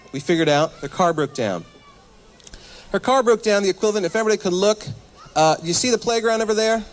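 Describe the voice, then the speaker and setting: A man in his thirties doing stand-up comedy at a live church event, animated and self-deprecating, talking straight to the crowd. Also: sits high. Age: 30s.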